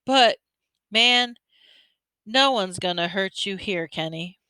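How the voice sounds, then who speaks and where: A woman's voice: mid-range voice, animated, slow, sharp tone, clear, resonant tone, no room sound. A woman reader voicing a tough teenage boy who talks slangy and bossy to his little brother. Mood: scolding. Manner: slangy, scolding, street talk.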